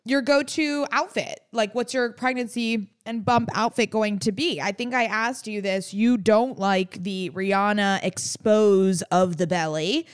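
A woman's voice: mid-range voice, steady tone, a little slow, hardly any pauses, clear, resonant tone. A woman co-hosting a podcast in casual chat, teasing and blunt, laughing often. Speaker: podcast co-host.

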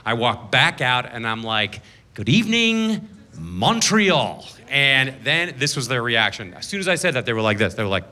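A man's voice: medium pitch, lively intonation, fairly quick, hardly any pauses, sharp tone. A man performing a sarcastic stand-up set on a theater stage, slipping into mocking voices for his bits. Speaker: stand-up comedian. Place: theater stage with a laughing audience.

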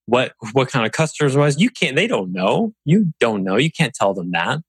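A man talking casually on a podcast, animated and acting out quoted voices as he tells stories. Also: medium pitch, moderate pace, husky, dry recording, rough recording. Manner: animated storyteller, acts out quotes. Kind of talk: casual conversational podcast talk.

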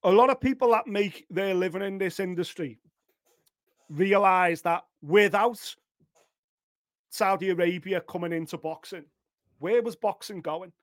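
A man hosting a fight podcast, talking casually in an animated storytelling way. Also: high voice, a little slow, pauses often. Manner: animated, lively storytelling with mock voices. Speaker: podcast host. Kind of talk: casual chat.

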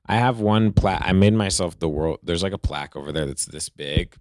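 A man's voice: low voice, a little fast, darkish tone, no room sound, studio quality. A man, a guest on an interview show, telling casual stories in a rambling way full of "like" fillers.

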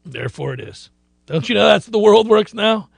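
A man's voice: high-pitched, animated, normal speed, gravelly, no echo. A man hosting a sports talk radio show, boastful and joking, rambling between bets and news.

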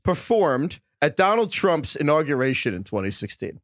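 A man co-hosting a podcast reads listener emails aloud, acting out the quoted lines as an animated storyteller. His fairly high voice moves at normal speed, and the recording is clean studio sound with no echo.

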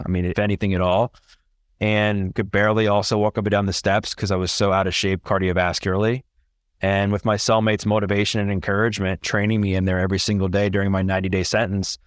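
A man with a fairly low voice speaks as an interview guest, recounting his story with candid earnestness and open feeling. His delivery is heartfelt and conversational. The recording is close and dry. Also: no room sound. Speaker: podcast guest.

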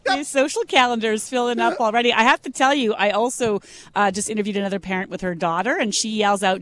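A female radio host interviewing a parent and chatting with co-hosts in a quick, chatty way. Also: medium pitch, background noise. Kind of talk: casual radio chat and interviewing.

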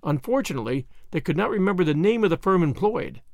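A man narrating a detective story as an audiobook, measured and expressive. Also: sits high, gravelly, no echo, studio quality.

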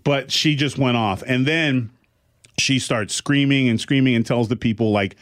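A man's voice: medium pitch, unhurried. Middle-aged male co-host, conversational storyteller with a mid-range voice. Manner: animated storyteller, acts out quoted voices. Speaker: podcast co-host. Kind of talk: casual chat.

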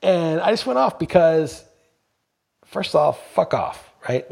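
A man's voice: on the high side, sing-song, takes it slowly, vocal fry, darkish tone. A man co-hosting a podcast, talking emphatically in casual chat and swearing freely when he gets going. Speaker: podcast co-host.

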